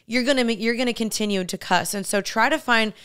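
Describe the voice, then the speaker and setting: A young woman co-hosting a casual podcast, giving earnest, heartfelt advice in a rapid flow of talk. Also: fairly high pitch, a bit bright, smooth, no room sound, studio quality. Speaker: podcast co-host. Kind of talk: casual chat.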